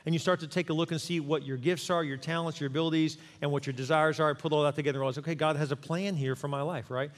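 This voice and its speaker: A middle-aged man preaching a sermon in a church, animated and conversational, acting out quotes as he goes. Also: a little high, fast, few pauses, in a large hall. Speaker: pastor. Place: church sanctuary.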